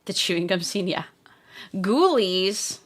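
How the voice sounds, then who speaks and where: A woman's voice: medium pitch, lively intonation, normal speed, fairly bright tone. A woman live streaming while crafting, chatting casually and reading viewer comments aloud. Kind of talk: casual livestream chat.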